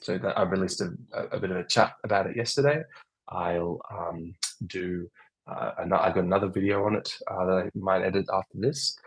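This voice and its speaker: Low, husky-voiced man chatting on a livestream. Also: fairly quick, low-quality recording. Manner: thinking aloud, loose and conversational. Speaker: doctor answering viewer questions. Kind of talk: livestream Q&A with chat.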